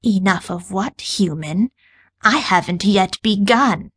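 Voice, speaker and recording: A cold, contemptuous female alien commander , as a woman narrator puts her on, speaking low in a grating, half-whispered drawl. Her words come slow and deliberate, with little rise and fall. It is an audiobook character voice. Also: fairly even intonation, fairly bright tone, husky, full character voice. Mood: mocking.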